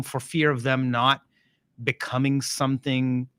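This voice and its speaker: A man hosting a podcast, asking questions in a relaxed, joking conversational way. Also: mid-range voice, slow pace, smooth, no room sound, clean studio sound. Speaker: podcast host. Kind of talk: casual conversational interviewing.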